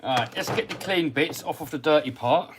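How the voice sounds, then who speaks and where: An English man runs a laid-back live stream about radio-control cars, reading viewer comments aloud and answering them in a friendly, chatty way. His voice sits a little high for a man. Now and then he drops into a quiet mutter while working on a part. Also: a little fast, background noise. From England. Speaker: RC hobby livestream host. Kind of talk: casual live-stream chat while working on a model car.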